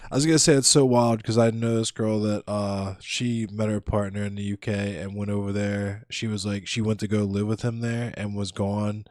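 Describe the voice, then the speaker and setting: A man hosts a relaxed stream conversation, laughing easily and swearing casually. His voice sits low. The sound is dry, with no room echo. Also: normal speed, few pauses. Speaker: streamer host.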